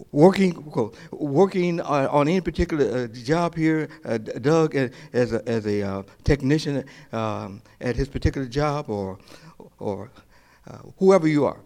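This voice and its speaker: Pastor guy preaching, high voice, swings up and down a lot, asks questions then answers em, trips over his words in the quiet bits. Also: expressive. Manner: call-and-response questions, rising to emphatic peaks; halting restarts and fillers in quieter stretches. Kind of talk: sermon.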